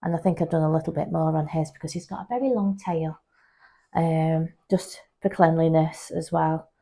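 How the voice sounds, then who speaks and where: A woman's voice: fairly even intonation, moderate pace, vocal fry, warm tone. A woman, a pet groomer chatting casually through a vlog as she explains her work. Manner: chatty, explanatory, talks to the dog in a high coaxing voice. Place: grooming salon, indoors.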